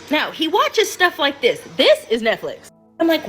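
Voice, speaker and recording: A woman's voice: on the high side, very animated, a little fast, faint music behind, low-quality recording. A woman, a mother, telling a story to camera in an alarmed, emphatic way.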